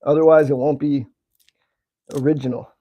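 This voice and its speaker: On a slingshot channel he hosts, an American man casually chats with viewers, answering their comments as he tastes candy. His voice runs on the high side, steady and mellow, at a normal speed.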